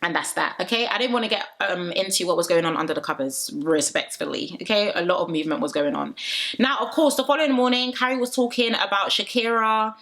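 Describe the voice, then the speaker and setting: A woman's voice: mid-range voice, quick pace, fairly bright tone. A young woman giving a chatty, opinionated reality TV recap vlog, laughing often and addressing viewers directly. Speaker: reality TV reviewer. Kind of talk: casual commentary vlog.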